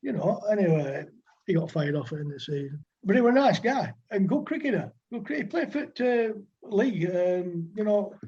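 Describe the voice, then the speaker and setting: A man's voice: high-pitched, animated, fairly quick, a little mellow, slightly rough, dull audio. A man in his sixties with a Lancashire accent, a podcast guest telling old cricket stories in a rambling, chatty way full of dialect words and fillers. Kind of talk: anecdotal storytelling.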